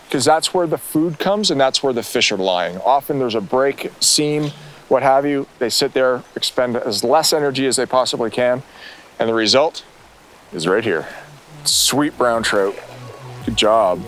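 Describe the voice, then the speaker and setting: A man's voice: medium pitch, a bit bright. A man giving enthusiastic, exclamatory fishing commentary and tips from a boat on a river. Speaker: angler on a fishing show.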